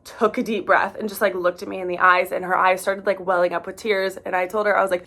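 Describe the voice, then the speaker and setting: A woman's voice: mid-range voice, quick pace, few pauses. Chatty woman telling a story. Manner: chatty, animated storytelling with frequent fillers. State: sweaty after a workout class. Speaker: vlogger. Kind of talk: casual storytime vlog.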